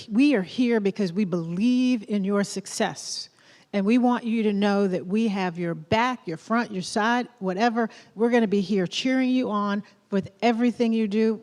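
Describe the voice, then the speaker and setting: A woman with a Southern accent speaks at a lectern in a large theater, and her voice rings with long reverb. She talks in a loose, chatty way, encouraging the crowd, and she builds to loud rallying questions. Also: medium pitch. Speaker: college president. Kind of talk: off-script welcome speech.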